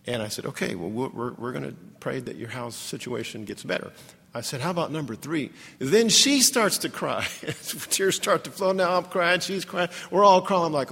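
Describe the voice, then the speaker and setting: Gravelly man telling a story in a reverberant hall. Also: a little high, lively intonation, a bit bright. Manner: emotional, halting storytelling with repeated restarts. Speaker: ministry leader telling a story. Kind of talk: sermon storytelling. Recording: echoey hall with long reverb.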